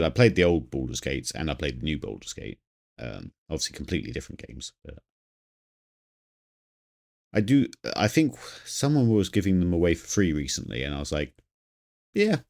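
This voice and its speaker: Guy with a super low voice streaming a game, thinking out loud, rambling on and correcting himself. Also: very animated, brisk, vocal fry. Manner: reads chat aloud. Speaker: gaming streamer. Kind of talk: live game commentary.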